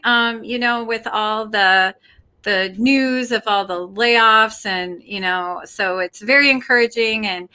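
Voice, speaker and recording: A woman chatting casually on a livestream, giggly and excitable, trailing off into fillers. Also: fairly high pitch, clean tone. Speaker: guest.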